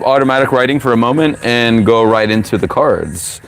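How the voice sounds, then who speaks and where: A man giving a live tarot reading to viewers, profane and preachy, with sudden loud whoops. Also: mid-range voice, lively intonation, moderate pace, soft background music. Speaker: tarot reader, live streamer.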